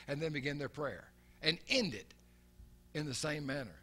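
High-pitched older man preaching earnestly. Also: expressive, moderate pace, long pauses, sharp tone, breathy edge. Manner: earnest, repeats words, drops to a low murmur for quoted prayers. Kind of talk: sermon.

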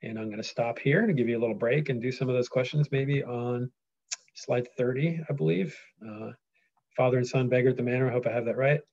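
A man teaching a lesson, reading an epic poem aloud and pausing to explain it in a casual way, often checking in with "right?". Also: medium pitch, a little mellow, muffled recording. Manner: reads dramatically, then explains casually with frequent "right?".

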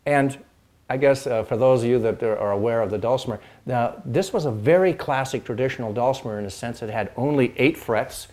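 An older man, a show host, looks back on how he got started in music, speaking at an ordinary middle pitch. He meanders, repeats himself and restarts his sentences, and now and then breaks off to strum a few chords on his instrument. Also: brisk, a little mellow. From Pacific Northwest, United States. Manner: rambling, with frequent restarts and fillers; demonstrates chords while talking. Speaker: host and dulcimer player. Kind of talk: casual reminiscing monologue.

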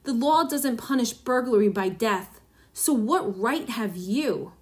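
A woman's voice: a little high, lively intonation, slow pace. Brief: woman voicing worried middle-aged wife, pleading, fearful, storybook reading.

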